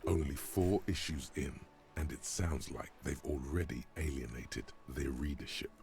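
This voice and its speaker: A man voicing a wry, deadpan narrator in a detective video game, with a dry, sardonic delivery. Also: rumbling low, measured pace, a little hiss or hum.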